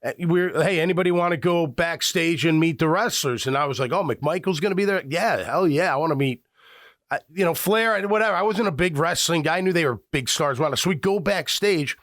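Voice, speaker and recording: A man's voice: fairly high pitch, fairly quick, no echo, studio quality. A middle-aged man from the Chicago area telling a rambling story on sports radio, full of restarts. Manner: rambling, animated, frequent restarts. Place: radio studio.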